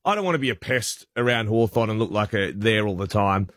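An Australian man hosting a breakfast radio show, telling rambling, chatty anecdotes with quick restarts. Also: lowish voice, lively intonation, a bit bright, dry recording, clean studio sound. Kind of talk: casual radio banter, storytelling. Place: radio studio.

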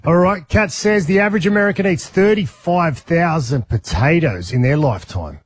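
A man co-hosting breakfast radio, chatting and telling stories excitably. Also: fairly high pitch, normal speed. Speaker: radio co-host.

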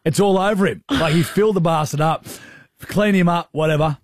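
A man's voice: on the high side, fairly quick, no room sound, studio quality. An Australian man in his thirties co-hosting a radio show, telling a story with a chatty, slangy manner. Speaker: radio co-host. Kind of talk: casual radio banter.

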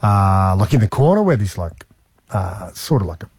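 A man in his forties, a radio host telling a story in a lively, slangy way and acting out what people said. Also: on the low side, moderate pace, breathy edge, dry recording. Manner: animated, slangy, acts out quotes.

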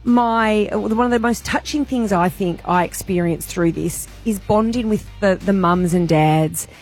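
A woman's voice: mid-range voice, a little slow, darkish tone, soft background music. An Australian woman hosting a radio show, talking in an emotional, gushing way. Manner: emotional, gushing, tearful at times. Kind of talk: radio chat.

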